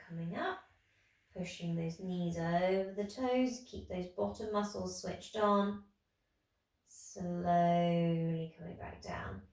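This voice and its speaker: A pilates instructor in her thirties, tired and yawning, calmly talks a guided exercise class through its moves and counts reps. Her fairly low voice has vocal fry, and she's picked up from a distance in an echoey room.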